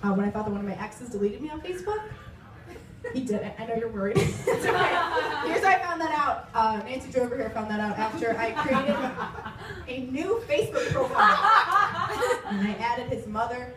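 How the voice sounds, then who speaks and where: A woman in her twenties performs stand-up, wry and self-deprecating, her pitch bouncing all over. Her voice sits a little high and comes from some way off the mic in a roomy space. Loud laughter and audience noise fill the background. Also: lively intonation, brisk, distant mic, crowd noise. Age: 20s. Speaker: stand-up comedian. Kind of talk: stand-up comedy set. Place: comedy club stage.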